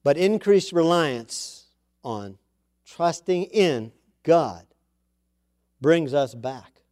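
A man's voice: a little high, expressive, drawn-out words, darkish tone. A man preaching a sermon to his congregation in a conversational way, with chatty asides and emphatic repeats of key words. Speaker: pastor.

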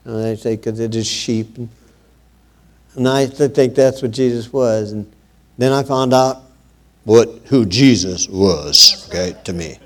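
Slow, conversational male preacher. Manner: rises louder and higher when quoting scripture. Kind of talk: sermon.

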